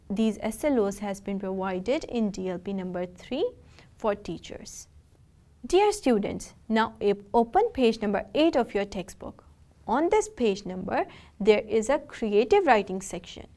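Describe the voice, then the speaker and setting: A woman teacher, giving a recorded video lesson. She speaks patiently and directly to her students and spells out words slowly. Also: medium pitch, a little mellow.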